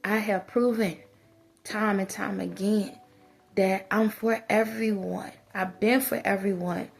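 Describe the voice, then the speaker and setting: A woman with a gravelly, husky voice lectures her viewers like a spiritual advisor. She scolds them and drives each point home through repetition. Faint music plays underneath. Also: mid-range voice, fairly even intonation, takes it slowly. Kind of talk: preachy monologue to viewers.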